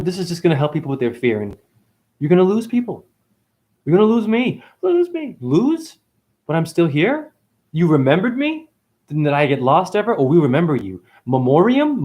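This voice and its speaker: A man ranting on a spiritual livestream, cursing freely and jumping between loud high outbursts and low mutters. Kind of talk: rambling spiritual livestream rant.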